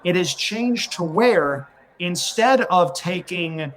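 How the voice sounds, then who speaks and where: A man's voice: sits high, lively intonation, takes it slowly, a bit bright. A man on a podcast as a guest, explaining betting and taxes in a matter-of-fact casual way. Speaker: podcast guest, racing handicapper. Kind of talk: casual chat.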